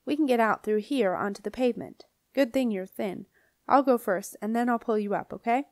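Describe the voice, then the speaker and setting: A bossy, impatient young girl hurries her friend along in a brisk, slightly raised voice, as a woman narrator puts her on. The storybook reading is dry and close. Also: fairly high pitch, no echo, natural voice.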